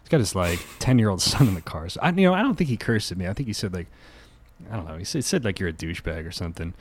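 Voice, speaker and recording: A man's voice: fairly low pitch, big pitch swings, racing, husky. A man, co-hosting a podcast, telling a profane, ranting story in casual chat. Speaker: podcast co-host.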